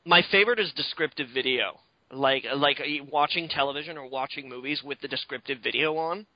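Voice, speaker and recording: A man's voice: on the high side, brisk, no room sound, muffled recording. A man co-hosting a podcast in casual chat, rambling and swearing freely with lots of fillers. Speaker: podcast co-host.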